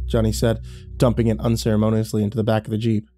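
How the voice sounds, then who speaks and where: A man narrating a scripted horror story in a measured, dramatic way. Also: on the low side, completely flat delivery, dark tone, no room sound, faint music behind.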